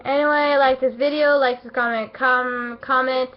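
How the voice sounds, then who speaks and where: A woman giving a casual, rambling anime episode review, emotional and excitable, full of fillers and restarts, her voice not at its best as she feels unwell. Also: sits high, moderate pace. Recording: dull lo-fi home recording.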